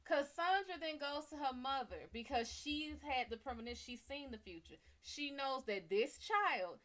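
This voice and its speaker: Woman host telling myth on livestream, slangy and cussing, kinda high voice. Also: moderate pace. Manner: slangy, profane, animated. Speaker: psychic reader and host. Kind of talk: casual livestream storytelling.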